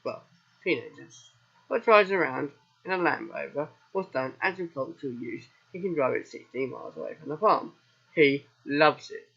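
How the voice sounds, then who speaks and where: Husky British man with a sore throat. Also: a little high, moderate pace, lo-fi sound. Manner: chatty, rambling asides and self-answered questions. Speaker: let's play host. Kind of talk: casual game commentary.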